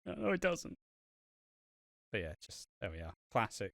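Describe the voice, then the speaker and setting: A man's voice: on the low side, huge pitch swings, moderate pace, creaky, a bit bright, no echo, clean studio sound. A man co-hosting a podcast, rambling and swearing as he chats and often laughs. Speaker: podcast co-host reviewing a soap. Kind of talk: casual podcast chat.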